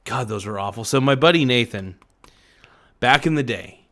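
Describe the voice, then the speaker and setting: A relaxed man rambling casually to his livestream viewers, dropping "man" and "dude" as he goes. His voice sits at an ordinary middle pitch and sounds a little sore and worn. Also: normal speed. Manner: laid-back, chatty, talks to viewers in chat, frequent "man" and "dude". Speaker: livestream host.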